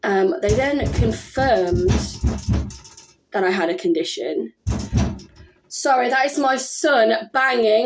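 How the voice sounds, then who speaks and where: A woman's voice: fairly high pitch, expressive, takes it slowly, long pauses, soft background music. Chatty woman in her thirties vlogging at home. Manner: chatty, rambling, with many fillers and restarts. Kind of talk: casual personal talk to camera.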